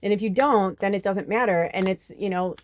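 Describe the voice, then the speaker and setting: A woman's voice: medium pitch, fairly quick. A woman hosting a spiritual reading channel, telling a story in a loose, chatty way with lots of fillers and casual swearing. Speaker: spiritual reader, channel host.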